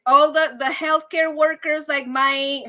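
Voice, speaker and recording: Bright, high-pitched chatty woman host. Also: measured pace. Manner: animated, chatty, addresses viewers as y'all. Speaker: live stream host. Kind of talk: casual live-stream chat.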